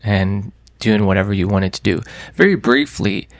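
A man interviewing a guest about his faith, asking slow, measured questions. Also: lowish voice, no echo, clean studio sound.

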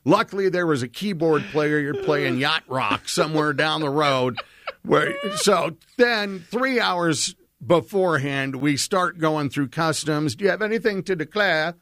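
A man's voice: a little high, slow, a bit bright. A man telling a long, rambling personal travel story in casual chat, with lots of restarts.

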